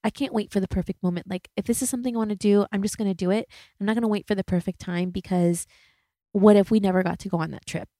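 A woman's voice: mid-range voice, fairly even intonation, fast, mellow, dry recording, clean studio sound. A woman in her thirties hosting a solo podcast, talking in an earnest, chatty way and often filling with "like" and "you know". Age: 30s. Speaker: podcast host. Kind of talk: reflective solo podcast monologue.

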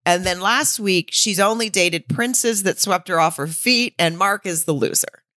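A woman's voice: fairly low pitch, a little slow, bright, forceful tone, no room sound, clean studio sound. Blunt, exasperated woman podcaster. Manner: blunt, exasperated, swears freely. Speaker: podcast co-host. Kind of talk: casual chat.

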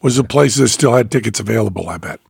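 Male podcast host, gravelly voice, rambling storyteller, dry studio mic. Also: lowish voice, lively intonation, quick pace, dry recording. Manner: rambling storyteller, acts out dialogue. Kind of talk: casual chat.

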